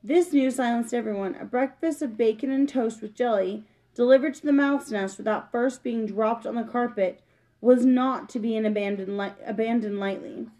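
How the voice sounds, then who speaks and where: A woman's voice: a little high, normal speed, poor audio. Woman reading a children's book aloud. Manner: plain, steady reading with small slips. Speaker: reader.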